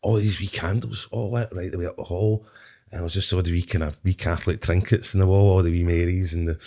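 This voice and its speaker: A Scottish man with a lowish voice, spinning a rambling, profane comic story as a podcast guest. He laughs at his own asides and keeps checking in with "right?" as he talks. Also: steady tone, fast talker, dark tone. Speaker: guest comedian. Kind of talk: casual storytelling.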